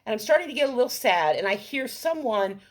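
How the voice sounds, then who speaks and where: A middle-aged woman telling a story on her vlog in an animated, playful, enthusiastic way. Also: on the high side, fast. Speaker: vlogger.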